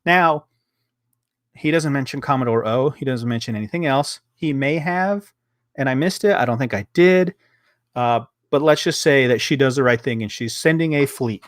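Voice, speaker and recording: A man chats loosely as he recaps a TV episode, his voice sitting at an ordinary middle pitch. He rambles with plenty of fillers and restarts and swears without a second thought. The sound is close and dry, with no room around it. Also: moderate pace, no room sound. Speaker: podcast host reviewing a TV episode. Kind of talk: casual review chat.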